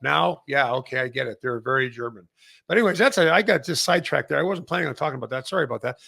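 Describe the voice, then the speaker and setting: Gravelly rambling middle-aged man. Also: on the high side, fairly bright tone. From Canada. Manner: rambling, many fillers and restarts. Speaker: massage chair retailer and show host. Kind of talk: casual industry update monologue.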